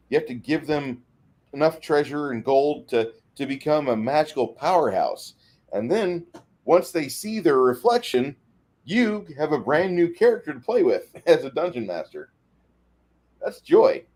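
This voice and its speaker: A man's voice: a little high, darkish tone. A man who runs tabletop games, chatting casually and eagerly about his campaigns. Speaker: dungeon master. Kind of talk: casual gaming chat.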